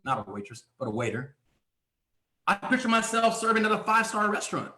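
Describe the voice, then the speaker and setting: Emphatic, high-voiced male motivational speaker. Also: big pitch swings, a little fast, sharp tone, echoey room. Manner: emphatic, rhetorical questions, frequent throat clearing. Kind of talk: motivational sales training talk.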